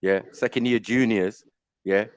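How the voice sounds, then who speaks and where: A man's voice: on the low side, measured pace, smooth, no room sound. A middle-aged man, telling stories in casual panel chat and acting out the voices he quotes. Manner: animated storytelling, acts out voices in quotes. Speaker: panel host.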